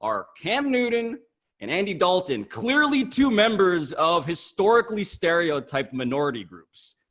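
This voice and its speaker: Brief: male co-host, dry humor, animated pitch, mid voice. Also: moderate pace. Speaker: sports show co-host. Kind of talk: casual sports talk.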